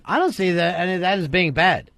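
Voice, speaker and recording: A man's voice: high-pitched, fast talker, fairly bright tone, dry recording. A man hosting a radio show, teasing guests with provocative jokes in casual banter.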